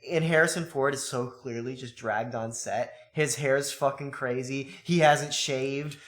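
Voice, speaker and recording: Male podcast co-host, mid pitch, bright voice, rambling and chatty with casual swearing. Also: steady tone, a little slow. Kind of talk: casual movie-review chat.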